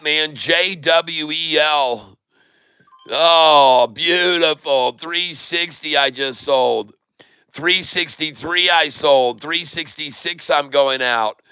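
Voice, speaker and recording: A man hosting a live day-trading stream, excitedly calling out share prices and exclaiming to his viewers. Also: fairly high pitch, clear, resonant tone, no room sound. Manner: exclamatory, rattles off prices, addresses viewers as folks. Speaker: day-trading livestream host.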